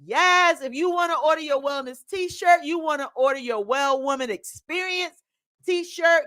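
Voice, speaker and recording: A woman hosting her podcast in a lively, preacherly call-and-response way, with a Philadelphia accent, repeating phrases and hyping up listeners. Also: high-pitched, a little slow, no room sound, studio quality. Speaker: podcast host. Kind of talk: energetic podcast opening.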